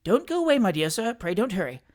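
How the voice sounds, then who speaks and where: Heard first is a fussy little attorney who keeps soothing and wheedling, as a reader puts him on for an audiobook. His pitch swoops up and down with lively ease. He is an ingratiating, bustling man of the law. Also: quick pace, close to an everyday voice. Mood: coaxing. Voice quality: soothing, wheedling, keeps repeating "my dear sir". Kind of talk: audiobook character reading.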